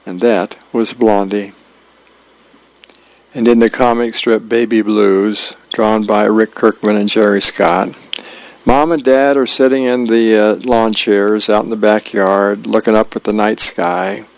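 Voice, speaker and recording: A man working as a volunteer radio reader, reading the newspaper aloud in an unhurried way. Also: on the low side, flat delivery, gravelly, poor audio.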